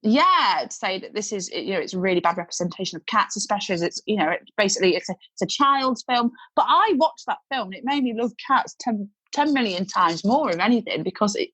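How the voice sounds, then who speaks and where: A woman's voice: mid-range voice, fairly bright tone, slightly rough, no echo, low-quality recording. A woman guest on a podcast, chatting casually and enthusiastic with frequent exclamations. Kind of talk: casual chat.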